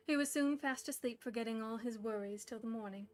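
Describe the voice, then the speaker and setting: Young woman host, slightly high voice, giggly and chatty read-aloud storyteller, feeling overheated. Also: fairly quick, darkish tone. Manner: giggly, chatty, self-deprecating. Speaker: stream host and reader.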